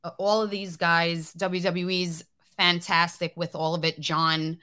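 A woman co-hosts a casual podcast and speaks from the heart in a soft, emotional way. She talks very slowly with a lowish pitch. Her voice has a bright, tense edge. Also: level tone. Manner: heartfelt, soft-spoken, gets choked up. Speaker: podcast co-host. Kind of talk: casual chat.

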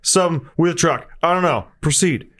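A man's voice: a little high, moderate pace, a bit bright. A man co-hosting a casual podcast chat, joking and bantering playfully. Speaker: podcast co-host.

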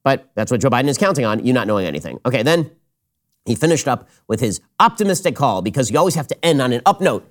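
A man hosting a political commentary show, talking in a sarcastic, mocking, rapid-fire way. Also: medium pitch, very animated. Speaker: host.

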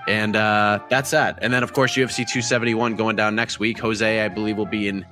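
A man's voice: fairly low pitch, flat delivery, a little fast, music in the background. A man hosting a casual post-fight podcast, talking in a chatty, rambling way with many restarts. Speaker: host.

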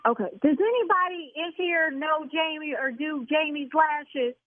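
A woman who owns a lash salon argues on a phone call, exasperated, loud and cursing. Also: high voice, unhurried, no room sound. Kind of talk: heated prank-call argument. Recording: tinny phone line.

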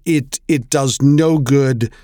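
A man's voice: medium pitch, slow pace, mellow, no room sound, studio quality. A man hosting a podcast, discussing stories in a thoughtful, casual way and searching for words. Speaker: podcast host.

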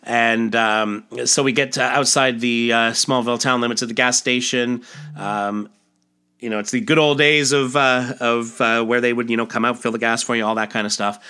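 A man's voice: mid-range voice, fairly even intonation, normal speed, bright, forceful tone, smooth. A man casually retelling a comic book story, chatty and full of asides. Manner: chatty, many fillers and asides.

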